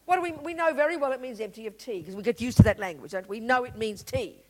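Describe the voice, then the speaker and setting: A woman's voice: fairly high pitch, fast, rough recording. A woman giving a Buddhist teaching talk, blunt and emphatic, full of rhetorical questions. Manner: blunt and lively explaining.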